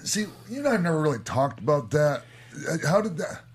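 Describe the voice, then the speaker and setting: A man hosting a casual conversation, mostly chiming in with brief encouraging replies. His voice sits slightly high for a man. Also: very animated, a little fast. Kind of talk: casual chat.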